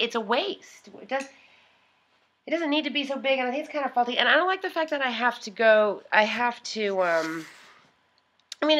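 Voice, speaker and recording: A woman's voice: on the high side, pushed and bright, poor audio. A woman vlogger chatting casually as she tries out beauty gadgets, rambling and often trailing off mid-thought.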